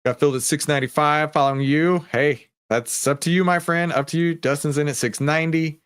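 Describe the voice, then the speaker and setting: A man's voice: a little high, steady tone, brisk, fairly bright tone, clean tone. Male stream host, casual and joking, talks to chat as he trades. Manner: chatty, jokey, talks to chat viewers. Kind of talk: casual live trading commentary.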